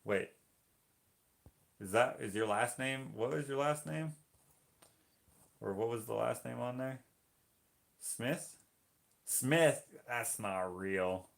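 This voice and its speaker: While painting live, this host from Canada reads out viewer comments and jokes around with his audience in relaxed livestream chatter. He speaks slowly in a creaky, mid-range voice, with frequent pauses.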